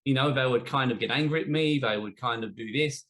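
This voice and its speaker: A man's voice: medium pitch, a little fast, a bit bright. A man teaching in a live online discussion, telling an earnest, confessional personal story and later teasing his co-hosts playfully. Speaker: teacher in an online spiritual debate.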